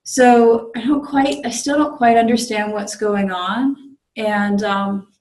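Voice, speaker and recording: A woman's voice: a little high, fairly even intonation, slow pace, a little mellow, low-quality recording. A woman who is a Zen priest, giving a conversational dharma talk as she tells a personal story, with many ums and restarts. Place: meditation group room.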